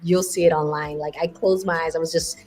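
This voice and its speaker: A woman's voice: sits low, fairly even intonation, fairly quick, darkish tone, soft background music. A young adult woman, a voice actress being interviewed, chatting playfully and showing off different voices. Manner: playful, demonstrates voices freely. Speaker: voice actress guest. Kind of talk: casual interview chat.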